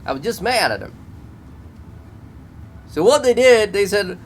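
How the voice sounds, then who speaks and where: A man's voice: high voice, very animated, measured pace, a little hiss or hum, low-quality recording. A man telling a complaint story to camera in a vlog, exasperated and repetitive in short clipped phrases. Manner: exasperated, retelling phone calls in his own words. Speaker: vlogger reviewing a product.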